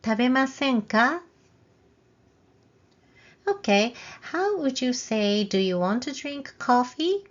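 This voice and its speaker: A woman teaching a video language lesson, speaking very slowly and clearly so learners can follow. Her voice sits a little high, and she models example phrases with a rising question tone for them to repeat. The recording sounds slightly dull and lo-fi. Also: big pitch swings.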